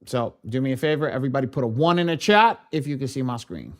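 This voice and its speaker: Man, software trainer, live online class, casual slangy talk, addresses viewers directly. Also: mid-range voice, lively intonation, fast talker.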